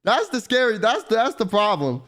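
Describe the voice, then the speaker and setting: Give me a young man on a livestream, casual and slangy, with a slightly high voice. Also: big pitch swings, normal speed, fairly bright tone. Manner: reads aloud then riffs, slangy and teasing. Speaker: streamer.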